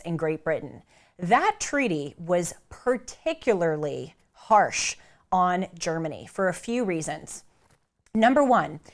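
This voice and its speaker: A young woman with an American accent talks straight to camera, her voice sitting a little low. She is chatty and animated, and she acts out the voices of the people she quotes. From United States. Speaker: vlogger. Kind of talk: casual talk to camera.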